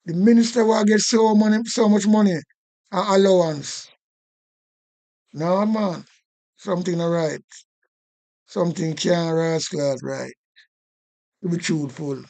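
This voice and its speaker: Indignant Jamaican man, high voice. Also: measured pace, creaky, long pauses, darkish tone. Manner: indignant, repetitive, swears. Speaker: live-stream host. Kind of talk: casual political rant.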